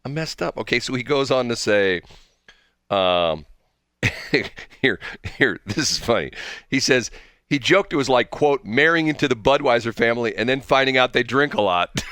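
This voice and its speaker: A man's voice: medium pitch, moderate pace, bright, forceful tone, dry recording, clean studio sound. A man hosting a morning radio show in casual banter, rambling, drifting off track and laughing often.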